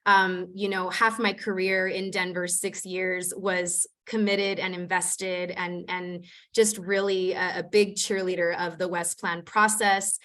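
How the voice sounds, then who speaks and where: A woman city planner runs a community committee meeting over a video call. She talks in a chatty, easygoing way and fills her pauses with frequent ums. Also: fairly low pitch, flat delivery. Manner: warm, chatty, many "um"s. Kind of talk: online meeting facilitation.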